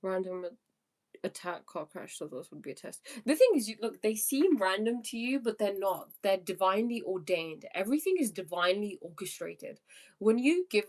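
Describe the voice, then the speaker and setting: A woman's voice: mid-range voice, expressive, moderate pace, a little mellow. A young woman coaching on a live stream, answering viewer questions one by one. She speaks earnestly about spiritual ideas and laughs easily. She reads each question aloud before she answers. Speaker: life coach.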